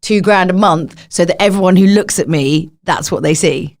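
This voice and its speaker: A woman with a London accent, a guest on a casual podcast, talking in a slightly low voice. She chats in an animated way and giggles as she tells her stories. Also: normal speed. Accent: London English. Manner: chatty, giggly, animated storytelling.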